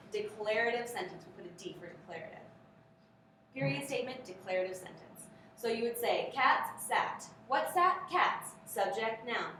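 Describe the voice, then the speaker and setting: A woman's voice: a little high, a bit bright, slight background noise. Upbeat woman teacher in an echoey room. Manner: upbeat, rhythmic drilling of chant patterns. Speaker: teacher trainer. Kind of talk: workshop lesson for teachers. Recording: very echoey room, mic far off.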